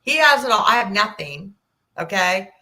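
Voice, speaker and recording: A woman in her sixties, a podcast guest, telling a personal story in an animated way and acting out the dialogue. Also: medium pitch, normal speed. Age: 60s. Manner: animated, acts out quoted dialogue, rambling restarts.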